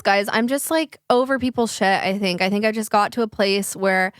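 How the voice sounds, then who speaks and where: A young woman host tells a story in a loose, chatty way, swearing freely and acting out what people said in a raised voice. Her pitch sits in the middle for a woman. The sound is close and dry, with no room around it. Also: moderate pace, clear, resonant tone, no room sound. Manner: animated, profane, acts out quotes in a raised voice. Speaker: podcast host. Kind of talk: casual storytelling chat.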